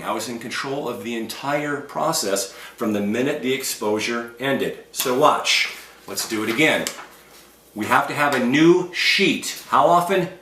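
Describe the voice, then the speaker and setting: A confident man coaches his listeners with emphatic conviction. His voice is bright and forward, and it sits back from the microphone in a reverberant room. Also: mid-range voice, recorded from a distance, a little hiss or hum. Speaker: sales trainer. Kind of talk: instructional talk. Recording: echoey room, voice set back from the mic.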